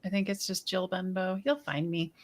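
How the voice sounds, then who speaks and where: A woman guest on a live panel, chatting casually, quick to laugh and brief in her replies. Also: fairly low pitch, little pitch movement. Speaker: podcast host, guest.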